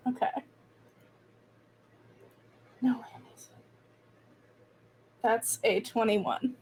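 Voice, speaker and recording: A woman's voice: on the high side, steady tone, very slow, a little mellow, husky. Thoughtful woman tabletop player. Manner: thoughtful, with many fillers. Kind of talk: casual chat.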